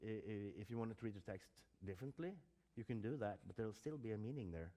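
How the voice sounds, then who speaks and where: Hesitant man, lowish voice. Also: lively intonation, fast talker, mellow. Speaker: acting teacher. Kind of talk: lecture on acting.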